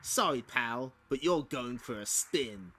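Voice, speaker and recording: A man's voice: medium pitch, animated, takes it slowly, fairly bright tone, slightly rough, faint music behind, pitched below the performer's own voice, heavily acted. A man reading as a brash, quippy cartoon hero. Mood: cocky. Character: cocky young male hero hedgehog.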